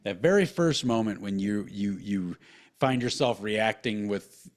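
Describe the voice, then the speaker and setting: A man in his thirties co-hosting a podcast, talking casually and swearing a lot as he tells rambling, animated stories. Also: lowish voice, unhurried. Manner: profane, rambling, animated storytelling. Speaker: podcast co-host. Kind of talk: casual chat.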